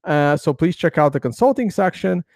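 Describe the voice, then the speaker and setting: A man's voice: fairly high pitch, expressive, normal speed, creaky, a little mellow, no echo, clean studio sound. A man hosting a casual trading video, talking through charts in a rambling way, with many fillers and restarts. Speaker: crypto trading video host. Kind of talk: casual chart analysis commentary.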